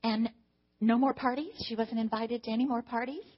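A middle-aged mother sharing a personal testimony about her children, emotional and animated, acting out the dialogue. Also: on the high side, brisk. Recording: dull lo-fi recording.

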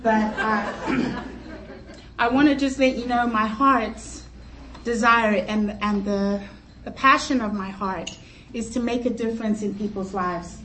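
A woman's voice: on the high side, unhurried. A woman in her fifties, a pastor's wife, telling playful, chatty, funny stories from her life at a conference luncheon. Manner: animated, playful, chatty storyteller. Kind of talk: humorous personal storytelling talk. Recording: echoey hall, voice from far off, faint crowd and noise.

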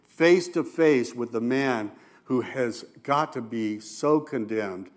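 A church elder preaches earnestly in a mid-range voice, taking it slowly, and his voice turns quiet and soft whenever he gives gentle quoted words.

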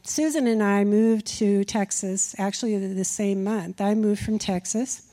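Woman from Minnesota, heartfelt eulogy, mellow warm tone, church sanctuary. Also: mid-range voice, a little slow. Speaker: friend giving a eulogy. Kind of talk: personal eulogy at a memorial service.

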